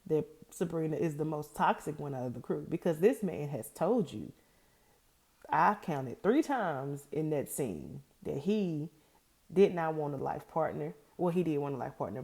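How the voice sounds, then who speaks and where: Low-voiced woman in a chatty recap. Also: animated, moderate pace, warm tone, slightly rough. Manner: chatty, retells scenes by acting out the characters' lines; opinionated and emphatic. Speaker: TV recap vlogger. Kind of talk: casual TV episode recap and opinion.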